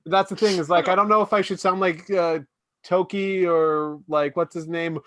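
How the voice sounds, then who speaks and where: A man's voice: sits high, steady tone, normal speed, a bit bright, dry recording. A man narrating as game master of a tabletop role-playing game, loose and joking, slipping into character voices.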